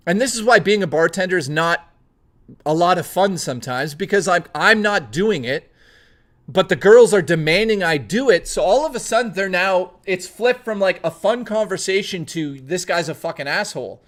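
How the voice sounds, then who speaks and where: Swearing, animated male streamer. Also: sits high, moderate pace. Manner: profane, animated anecdote telling. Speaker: streamer telling stories. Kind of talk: casual storytelling to chat.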